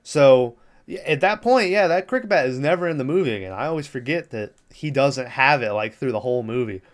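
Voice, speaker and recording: A man's voice: mid-range voice, expressive, a little fast. A man hosting a podcast, recapping a film in a rambling, casual, profane way, laughing now and then. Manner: rambling, profane, laughs while retelling scenes. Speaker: podcast host.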